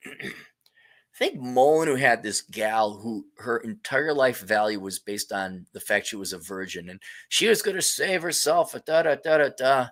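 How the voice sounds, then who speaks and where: A middle-aged man hosting a casual livestream, reading viewer messages aloud and reacting bluntly with swearing and frequent laughs. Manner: blunt, profane, laughs often, shifts pitch and loudness a lot. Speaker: livestream host reading super chats.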